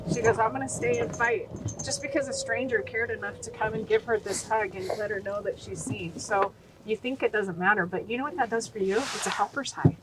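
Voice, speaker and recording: Casting: middle-aged woman, earnest and animated podcast guest, some noise behind her. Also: mid-range voice, a little fast, hardly any pauses. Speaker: guest, nonprofit founder. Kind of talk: podcast interview.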